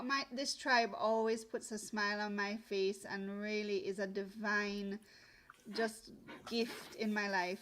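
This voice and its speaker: A woman's voice: mid-range voice, a little hiss or hum. A woman with a Jamaican accent, speaking in an effusive, heartfelt way on an online talk show. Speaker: guest co-host.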